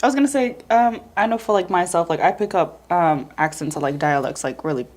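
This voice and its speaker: A woman's voice: fairly low pitch, a little fast, darkish tone. A young woman co-hosting a casual podcast, chatty and full of fillers. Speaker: podcast co-host. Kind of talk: casual chat.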